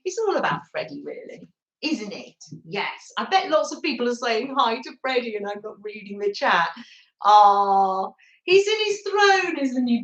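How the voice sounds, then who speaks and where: Lively, slow-talking chatty woman crafter. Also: medium pitch. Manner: rambling, self-mocking, laughs often, coos at her dog. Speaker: craft livestream host. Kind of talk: chatty live craft stream. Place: home craft room with door open. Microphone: streaming camera on the table. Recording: roomy, slightly dull home stream.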